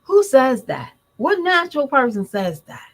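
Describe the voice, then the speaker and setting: A woman's voice: sits high, wildly swooping pitch, unhurried, rough recording. A woman and mother giving blunt, emphatic commentary in a vlog, talking straight to her viewers.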